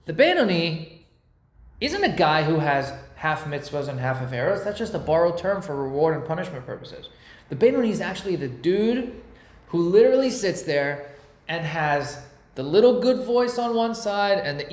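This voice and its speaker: A man with a somewhat high voice gives a relaxed, slang-filled Torah lesson, leaning on everyday comparisons to make his point. He sounds like he's in an echoey room. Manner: animated, slangy, uses pop-culture comparisons. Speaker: Torah teacher. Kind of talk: casual Torah class.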